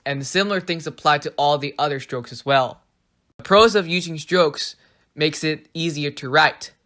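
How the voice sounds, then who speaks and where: Narrator for a language lesson, bright tone, steady explanatory read, voice-over. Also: medium pitch, normal speed. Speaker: teacher. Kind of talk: scripted narration.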